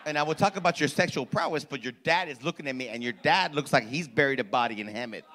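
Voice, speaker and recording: A man in his forties doing crowd-work stand-up in a comedy club, loud and profane, teasing people in the audience. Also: medium pitch, fast, a little hiss or hum. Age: 40s.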